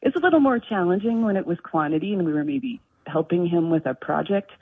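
Woman, radio caller, chatty, husky, phone-line sound. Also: fairly low pitch, expressive, brisk, dry recording. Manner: chatty storytelling, laughs often. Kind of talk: phone-in call.

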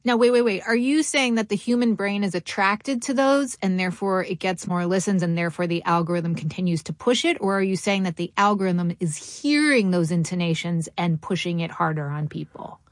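A woman radio host interviewing a guest, lively and quick to jump in with follow-ups. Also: lowish voice, no echo, studio quality. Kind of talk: interview conversation.

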